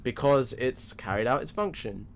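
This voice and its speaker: A man's voice: medium pitch, animated, normal speed, gravelly, a little hiss or hum. A man co-hosting a casual gaming chat, reasoning his choices out aloud. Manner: musing, reasons things out aloud. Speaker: co-host.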